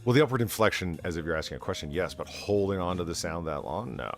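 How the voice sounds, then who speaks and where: A man co-hosting a casual podcast, joking and ranting with profane, animated energy. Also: low voice, fast. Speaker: podcast co-host.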